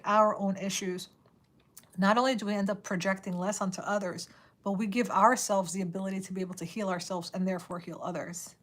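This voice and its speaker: A woman in her thirties hosting a live stream, chatting casually, full of "like" fillers and laughter, reading viewer comments, her voice getting a bit raspy. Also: medium pitch.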